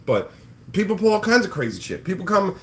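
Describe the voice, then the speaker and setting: A man's voice: high voice, very animated, brisk, a bit bright. A man ranting on a casual livestream, sarcastic and profane, mocking people in put-on voices. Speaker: livestream host. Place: home kitchen, cooking bacon.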